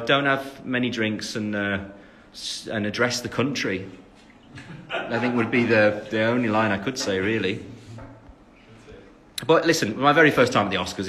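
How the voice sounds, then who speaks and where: A young West Midlands singer with an English accent and a fairly low, fairly bright voice answers fans in a casual livestream Q&A on his phone. He talks at a measured pace with long pauses, reading out questions amid many ums, and a little hiss or hum sits in the background.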